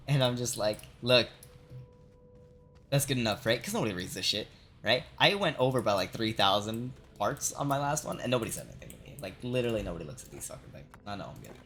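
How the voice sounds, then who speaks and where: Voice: mid-range voice, big pitch swings, a little fast, fairly bright tone, a little hiss or hum. Laid-back streamer telling a work story. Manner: profane, laughs often, lots of "like" and "right?". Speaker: game streamer. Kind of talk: casual rambling storytelling while gaming.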